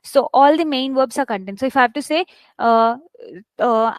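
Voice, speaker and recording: A woman's voice: sits high, moderate pace, no room sound. A woman teaching an online English class. She gives examples, stresses words hard to show how it works, and often checks in with "right?". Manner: stresses words heavily to demonstrate. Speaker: English test instructor.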